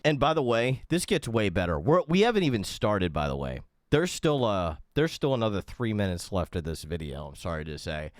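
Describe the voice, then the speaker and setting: A man's voice: lowish voice, very animated, brisk, few pauses, no room sound, studio quality. Heated profane man ranting. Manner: profane, heated, swears constantly; stammers and restarts when worked up. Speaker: online show host. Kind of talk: ranting reaction commentary.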